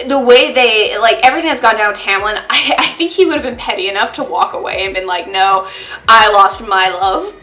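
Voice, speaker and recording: A woman giving a casual book review, chatty and sarcastic, retelling a plot with quick asides and mock-dramatic quotes. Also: a little high, sharp tone, reverberant.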